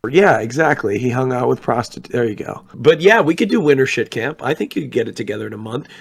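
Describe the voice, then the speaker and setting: A man's voice: mid-range voice, expressive, quick pace, creaky, slightly rough. A young man with a mid-range voice, chatting loosely on a late-night stream. He rambles from one story to the next and slips into the voices of the people he quotes. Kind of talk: casual chat.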